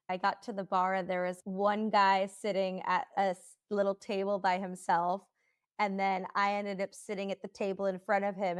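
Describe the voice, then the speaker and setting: A woman hosting a podcast, telling personal stories in an animated, chatty way and laughing easily. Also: medium pitch, smooth, no room sound, clean studio sound. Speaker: podcast host. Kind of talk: casual podcast conversation.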